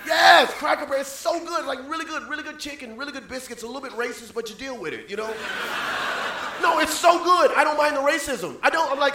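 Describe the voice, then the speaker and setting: A young man doing stand-up, his high voice edged with gravel as he punches lines and breaks into shouts. The club sounds roomy, with loud audience noise around him. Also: lively intonation, fast. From Southern United States. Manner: punchy, repeats "you know what I'm saying", bursts into shouts. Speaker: stand-up comedian. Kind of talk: stand-up comedy.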